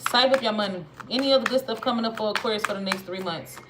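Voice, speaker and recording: This woman is a tarot reader with a Southern accent, chatting casually and slangily right to the people watching. She speaks at a quick clip in a medium pitch, and clicks and noise run through the audio.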